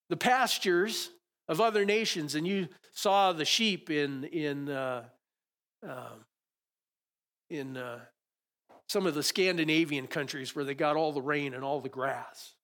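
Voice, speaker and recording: Conversational male preacher, slightly high voice. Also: a bit bright. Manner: conversational storytelling, building to emphatic peaks. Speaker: pastor. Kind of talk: sermon.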